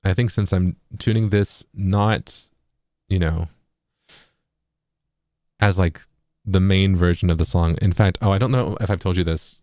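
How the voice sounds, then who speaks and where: Very deep-voiced man explaining vocal tuning. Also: steady tone, unhurried, pauses often, darkish tone, dry recording, studio quality. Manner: explanatory, keeps asking "right?". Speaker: music producer. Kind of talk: casual tutorial stream.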